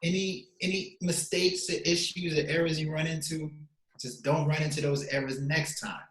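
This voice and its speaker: A man's voice: a little high, flat delivery, moderate pace, a bit bright. A man co-hosting a podcast over a video call, chatting casually in a laid-back, joking way. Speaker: podcast co-host. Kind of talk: casual chat. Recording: echoey room.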